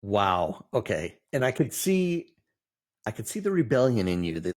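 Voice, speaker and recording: Earnest low-voiced podcast host. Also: male voice, big pitch swings, normal speed. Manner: earnest, reflective, encouraging. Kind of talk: casual interview chat.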